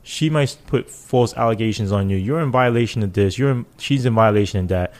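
In a fairly low voice and at a slightly fast clip, a former cop spins casual stories for an interviewer. He animatedly mimics the people in his tales, slipping into loose slang.

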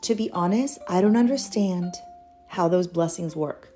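A woman's voice: lowish voice, moderate pace. A young woman giving a casual, earnest devotional Bible teaching, chatty with light laughs between points. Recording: soft guitar music behind.

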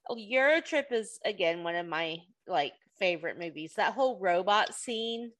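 A woman hosting a casual podcast chat, bubbly and quick to quote movie lines. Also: medium pitch, expressive.

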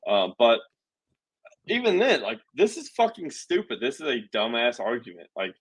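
A young adult man hosting a podcast, telling stories in an animated, indignant way. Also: mid-range voice, normal speed, slightly rough, poor audio. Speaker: podcast host. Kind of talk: casual political chat.

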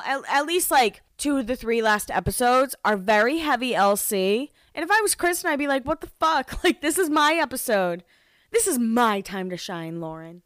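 A woman's voice: mid-range voice, fairly bright tone, smooth, no echo, clean studio sound. A young woman hosting a podcast, recapping a reality show in casual chat, giggly and full of "like" fillers. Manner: chatty, giggly, lots of "like" fillers.

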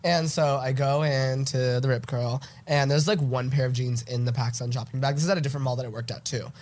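A man's voice: mid-range voice, steady tone, brisk, a little mellow. Young male co-host, stuffy nose, casual storyteller, swears freely. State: congested. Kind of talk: casual chat.

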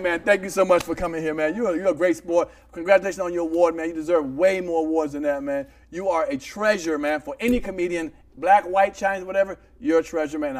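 A man hosting a casual comedy talk show, telling jokes with lively acted-out voices. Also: on the high side, recorded from a distance. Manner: animated joke-telling with shouted voices and laughs. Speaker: host.

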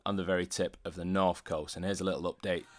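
A man's voice: deep voice, flat delivery, fast. A man hosting a podcast, trading teasing, dry banter in casual chat. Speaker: podcast host.

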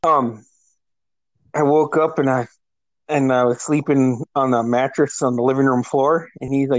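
A man's voice: mid-range voice, fairly even intonation, moderate pace, no echo, low-quality recording. A man in his forties from Alaska, telling a funny swear-laced story in a casual chat and laughing often as he goes. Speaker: podcast co-host.

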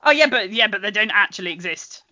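A woman's voice: medium pitch, lively intonation, fast, lo-fi sound, very noisy. A British woman chatting casually on a podcast, rambling and giggly, with frequent laughs and restarts. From Britain. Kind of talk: casual chat.

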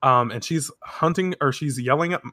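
A man's voice: medium pitch, moderate pace, dry recording, clean studio sound. A man hosting a podcast, recapping a story casually with profane jokes and asides. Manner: animated, profane, joking asides. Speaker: podcast host.

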